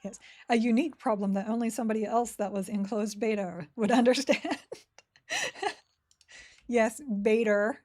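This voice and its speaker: A woman's voice: a little high, brisk, dark tone. A woman chatting casually and giggling as she streams a game and reads chat. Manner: chatty, giggly, self-mocking. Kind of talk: casual live-stream chat while playing.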